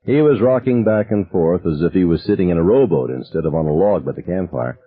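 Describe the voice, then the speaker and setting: A man reading a novel aloud as a first-person narrator, in a measured, somber storytelling manner. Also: low voice, expressive, no room sound. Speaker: audiobook narrator. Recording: narrow phone-like sound.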